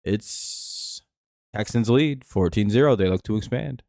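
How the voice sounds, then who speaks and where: A man's voice: on the low side, measured pace, gravelly, a little mellow, dry recording. A man hosting a live stream, giving laid-back, dry play-by-play and chatting with viewers. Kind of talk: casual game-watching commentary.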